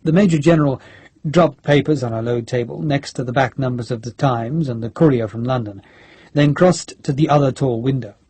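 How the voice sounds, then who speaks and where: Husky-voiced male audiobook narrator. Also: medium pitch, brisk, dark tone, no room sound. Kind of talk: scripted narration.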